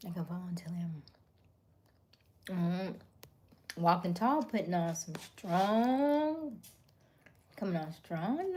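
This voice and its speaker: Female livestream host, unhurried, chatty, greets viewers by name, frequent laughs and soft asides. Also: mid-range voice, lively intonation. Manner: talks while eating dinner; laughs often, drifts into soft half-whispers. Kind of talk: casual livestream chat.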